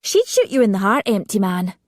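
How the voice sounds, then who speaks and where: A woman voicing an otherworldly young woman who speaks calmly and matter-of-factly, repeating her words. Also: mid-range voice, brisk, no room sound, clean studio sound. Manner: calm, matter-of-fact, repetitive. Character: odd, otherworldly young woman, calm and blank.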